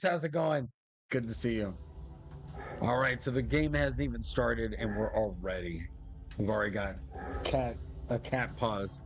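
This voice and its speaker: Chatty male streamer, relaxed and rambling. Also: mid-range voice, breathy edge. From Puerto Rico. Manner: chatty and relaxed, often pausing with fillers, fond baby talk to his kitten. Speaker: gaming streamer. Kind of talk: casual live-stream commentary.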